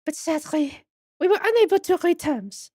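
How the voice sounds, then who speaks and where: Woman voicing a curator lady, very high voice, lively pitch, prim, polite, formal. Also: normal speed, no room sound. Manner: polite, formal, gently apologetic.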